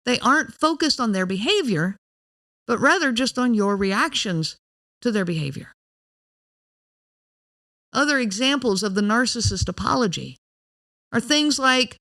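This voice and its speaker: A woman's voice: fairly high pitch, animated, moderate pace, a bit bright. A woman hosting a podcast, explaining in an earnest, direct way and speaking straight to the listener. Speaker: podcast host.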